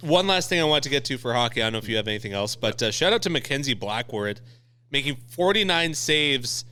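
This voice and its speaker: Man with a bright, smooth voice. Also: medium pitch. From Canada. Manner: relaxed, chiming in with quick asides. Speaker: podcast co-host. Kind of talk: casual sports chat.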